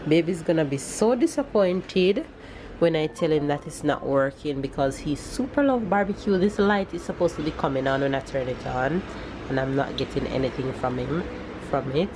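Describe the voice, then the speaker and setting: A young adult woman with a Jamaican accent, chatting casually to camera in a vlog, animated, with loud bursts of cheering. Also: deep voice, normal speed, noisy background. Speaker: vlogger.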